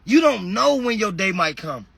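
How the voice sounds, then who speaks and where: A man giving a passionate motivational talk on a phone livestream, preachy, shifting between shouting and quiet, emotional asides. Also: high voice, sing-song, normal speed, vocal fry, breathy edge, dry recording. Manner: impassioned, preachy, swings between shouting and soft. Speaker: fitness motivational speaker.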